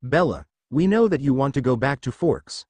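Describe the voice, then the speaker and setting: A man's voice: medium pitch, animated, moderate pace, darkish tone, dry recording, natural voice. A man reading aloud and voicing a protective, reluctant father who grumbles. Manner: gruff, reluctant.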